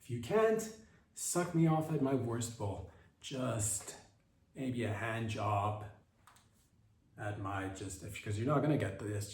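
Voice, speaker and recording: A man hosting a podcast, riffing through an absurd comedic monologue in a deadpan, rambling way with many restarts. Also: medium pitch, slight background noise. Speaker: podcast host. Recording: echoey room, distant from mic.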